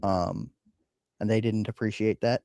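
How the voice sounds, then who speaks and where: A man's voice: on the low side, fairly even intonation, a little slow, gravelly, warm tone, dry recording. Guy hosting a whiskey show, rambly, lots of uhs, dry close mic. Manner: rambling, hesitant with many fillers. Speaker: podcast host. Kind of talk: casual chat.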